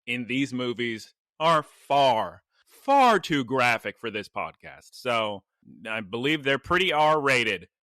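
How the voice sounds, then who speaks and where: Podcast co-host, male, animated storyteller, bright and lively, dry close sound. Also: medium pitch, takes it slowly, dry recording. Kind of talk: casual chat.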